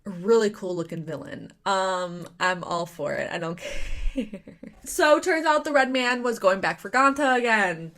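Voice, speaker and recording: A young adult woman giving a casual spoken review, chatty and excitable, with lots of fillers and rhetorical questions. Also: medium pitch, unhurried. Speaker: manga reviewer.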